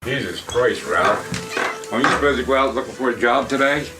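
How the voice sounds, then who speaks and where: An actor playing a gruff, threatening war-veteran father scolding his lazy son, in a clip played on the show. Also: mid-range voice, expressive, moderate pace, loud music behind the voice, lightly acted. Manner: bullying, menacing threats.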